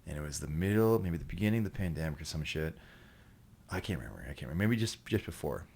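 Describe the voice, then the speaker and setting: A man with a very low, deep voice tells a story in casual podcast chat. He rambles and swears freely, with sudden loud, laughing bursts. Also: lively intonation, quick pace, vocal fry, husky. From Canada. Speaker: podcast guest.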